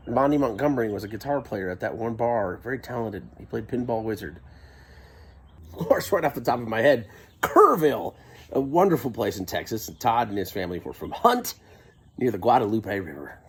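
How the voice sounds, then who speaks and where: A middle-aged man with a slightly husky voice tells a personal story in a loose, rambling way. His pitch swings freely as he wanders off into wry asides and corrects himself. It sounds casual and conversational. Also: darkish tone. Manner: rambling, self-interrupting, wry.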